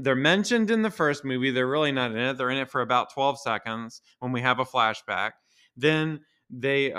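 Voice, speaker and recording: A man's voice: mid-range voice, a bit bright, clean tone. A man hosting a podcast, delivering a casual, exasperated rant full of swearing and rhetorical questions. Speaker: podcast host. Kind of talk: casual ranting monologue.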